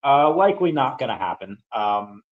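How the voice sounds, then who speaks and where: A man's voice: mid-range voice, very animated, normal speed. Rambling playful man on a lo-fi stream. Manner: rambling and playful, often stammers on repeats. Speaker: livestream host reading chat. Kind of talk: casual livestream chat.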